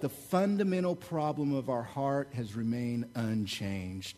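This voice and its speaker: A man preaching a sermon as pastor, joking asides and emphatic loud peaks. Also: unhurried, hardly any pauses. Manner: animated, swings between loud emphatic peaks and low asides; joking, conversational asides to the congregation. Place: church.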